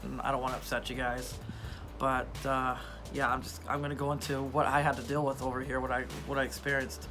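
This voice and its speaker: Man, hoarse weak voice, casual vlog, rambling and frustrated, music in background. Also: medium pitch. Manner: rambling, frustrated, laughs often. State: hoarse, lost voice. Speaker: vlogger. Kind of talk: casual vlog talk to phone camera. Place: outdoors in the rain, then indoors. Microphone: phone held at arm's length.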